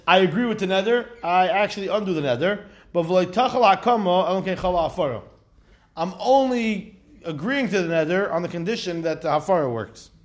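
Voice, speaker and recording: A man teaching a lively study class, explaining step by step with rhetorical questions and acted-out quotes. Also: sits high. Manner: animated, asks rhetorical questions, acts out quotes. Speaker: Talmud teacher.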